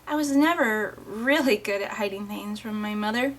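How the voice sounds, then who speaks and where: A woman's voice: on the high side, steady tone, normal speed, hardly any pauses, fairly bright tone. A woman reading a first-person novel aloud in an audiobook, with plain, unpolished delivery and small restarts. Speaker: audiobook reader.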